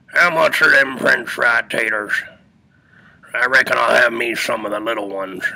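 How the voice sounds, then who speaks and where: A man putting on a slow, mumbling Southern movie character as an impression. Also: vocal fry, bright, forceful tone, a little hiss or hum. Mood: drawling. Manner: slow drawl with a deep mumble.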